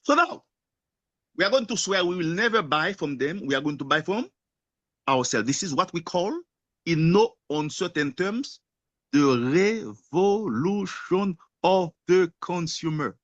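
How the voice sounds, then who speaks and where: A man giving a rousing motivational sales pitch in non-native English, firing off rhetorical questions and answering them himself. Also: lively intonation, a little slow, no echo. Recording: dull lo-fi sound.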